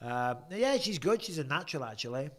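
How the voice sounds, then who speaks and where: A man's voice: a little high, very animated, fairly quick. Chatty man streaming fight commentary. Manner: chatty, jokey banter reading viewer questions aloud. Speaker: live stream host. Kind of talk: casual live fight commentary.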